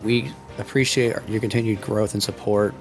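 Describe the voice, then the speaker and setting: A man with a raspy voice hosting a podcast in casual chat, laid-back and chatty. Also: lowish voice, fairly even intonation, moderate pace, soft background music. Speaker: podcast host.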